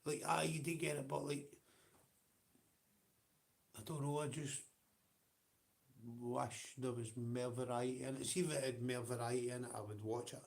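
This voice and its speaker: A Scottish man hosting a late-night livestream, talking loosely and swearing at nearly every turn. His voice sits at a middling pitch for a man. He rambles from topic to topic and laughs often. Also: steady tone, moderate pace, vocal fry, long pauses. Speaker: livestream host. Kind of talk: casual chat with viewers.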